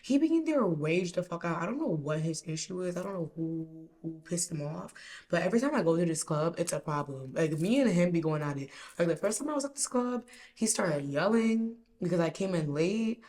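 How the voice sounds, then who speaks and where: A woman's voice: on the low side, lively intonation, a little fast, darkish tone. A young woman hosting a podcast, telling a story in a casual, profane, exclamatory way. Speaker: podcast host.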